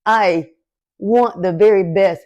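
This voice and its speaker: A woman's voice: medium pitch, a little mellow, highs cut off. A woman hosting her own show, giving a heartfelt motivational talk, emotional and close to tears. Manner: slow, emotional, encouraging. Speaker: podcast host.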